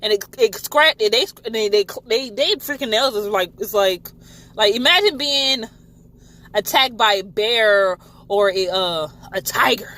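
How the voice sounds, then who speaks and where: A woman casually recapping a TV episode, animated and swearing freely. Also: mid-range voice, a little slow. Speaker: TV show reviewer.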